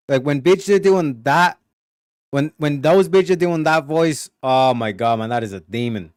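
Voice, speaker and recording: A man giving a casual reaction commentary on a show clip, excitable and profane, laughing often and swinging between loud outbursts and hushed remarks. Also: on the high side, moderate pace, a little hiss or hum.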